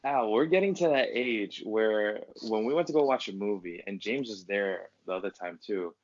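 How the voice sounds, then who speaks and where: A man on a podcast, chatting casually and quickly with his co-hosts. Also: fairly low pitch, faint music behind. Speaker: podcast co-host. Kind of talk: casual chat. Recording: dull audio with faint noise.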